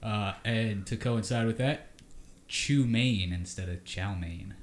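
A man co-hosting a casual podcast, pitching jokey ideas in a laid-back, trailing way. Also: slow, roomy sound. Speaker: podcast co-host. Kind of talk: casual chat.

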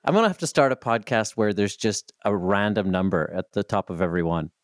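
A man co-hosting a casual podcast, relaxed and dryly joking, reading out listener questions. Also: fairly low pitch, fairly quick, dry recording, studio quality.

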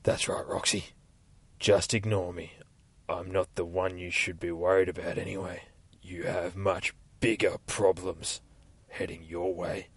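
A man voicing a sinister male prisoner who taunts his jailers in a low, whispery voice. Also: level tone, measured pace, breathy edge, no room sound, heavily acted. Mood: taunting.

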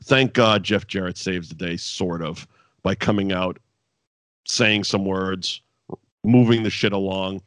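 A man's voice: measured pace, fairly bright tone, no echo. A man co-hosting a podcast, ranting in a profane, exasperated way about wrestling, wired on too much coffee. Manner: exasperated, sweary, ranting with sudden high outbursts. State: over-caffeinated. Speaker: podcast co-host reviewing wrestling. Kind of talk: casual profane rant.

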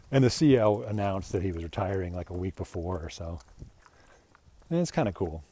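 A man's voice: low-pitched, big pitch swings, normal speed, warm tone, slightly rough. A middle-aged man casually telling a rambling, self-deprecating personal anecdote, chuckling between lines. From United States. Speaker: storyteller.

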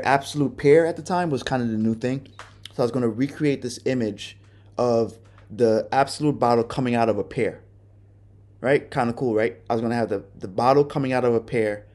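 A podcast host with a medium, slightly mellow voice shares a personal story. He's candid and conversational, keeping it casual and cursing often.

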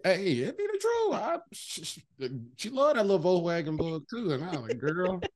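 A man chatting casually as a guest, an animated, emphatic storyteller who swears freely and slips into voices when quoting people. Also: high-pitched, moderate pace. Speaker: veterinary technician guest. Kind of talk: casual chat.

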